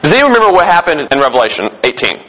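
A man's voice: a little high, sing-song, very fast, pushed and bright. A man preaching an informal sermon as pastor, talking conversationally with frequent restarts and questions to the congregation. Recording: long hall reverb, dull lo-fi sound.

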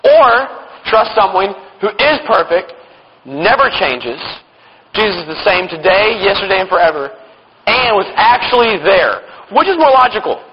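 A man's voice: high-pitched, lively intonation, a little slow, a little hiss or hum. A man teaching from the Bible at a church conference, mixing jokes and sarcastic asides into his talk. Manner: joking, with sarcastic asides and chuckles. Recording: dull, lo-fi hall recording with long reverb.

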